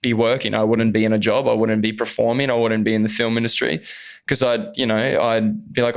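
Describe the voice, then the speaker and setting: A man's voice: lowish voice, flat delivery, fairly quick. A man, an actor speaking as a podcast guest, talking earnestly and openly in casual conversation with plenty of fillers. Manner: earnest and open, many fillers.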